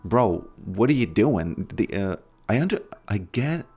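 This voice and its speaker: Low-voiced laid-back male streamer. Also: lively intonation, unhurried, a little mellow, husky, soft background music. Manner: laid-back, answering chat, trailing off mid-sentence. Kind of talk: casual livestream chat while gaming.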